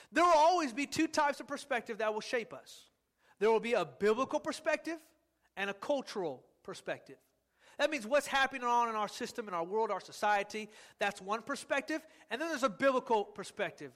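Pastor guy preaching, real high bright voice, stretches words out to hit them hard. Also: animated. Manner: emphatic, drawn-out words for stress; calls on the congregation to repeat words. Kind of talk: sermon.

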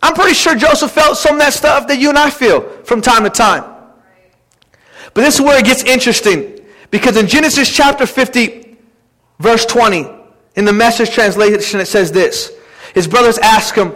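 A man with a high voice preaches a sermon. He retells a Bible story in easy, everyday speech and slips into the characters' voices as he goes. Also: moderate pace, fairly bright tone, long reverb tail, low-quality recording. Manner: conversational storytelling, acts out biblical characters in quotes.

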